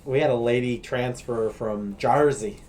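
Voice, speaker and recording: A man's voice: mid-range voice, moderate pace, darkish tone, slight background noise. A young man from Colorado, a podcast guest chatting casually with a sarcastic, wisecracking manner. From Colorado, USA. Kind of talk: casual chat.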